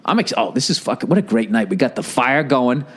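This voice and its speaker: A man's voice: mid-range voice, fairly quick, breathy edge. A man hosting a podcast, telling stories in casual chat with a sarcastic, profane manner. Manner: profane, sarcastic, animated storytelling. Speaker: podcast host. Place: indoors at home by a fire.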